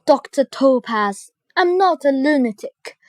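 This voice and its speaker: A trapped steward shouts and begs through a cellar door in a storybook reading, played by a woman. His voice climbs high and loud as he pleads. The sound is close and dry. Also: animated, a little slow, no room sound. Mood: pleading. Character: locked-up steward, man, desperate and pleading.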